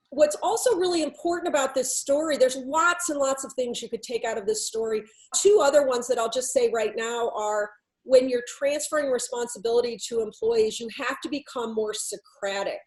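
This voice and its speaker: A woman podcast host and workplace consultant, telling a story with animated, quoted dialogue. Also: high-pitched, low-quality recording. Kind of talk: storytelling talk.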